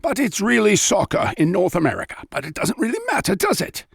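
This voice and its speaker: A man putting on an as an excitable football announcer. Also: high voice, brisk, vocal fry, husky, no room sound, clean studio sound, voice pushed up, exaggerated voice. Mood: chirpy.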